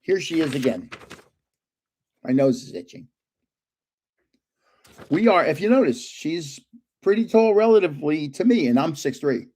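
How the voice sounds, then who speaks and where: A man's voice: fairly high pitch, very animated, measured pace, pauses often, dark tone, husky. An older man hosting a casual livestream from home, rambling through anecdotes and chuckling often. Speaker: livestream host.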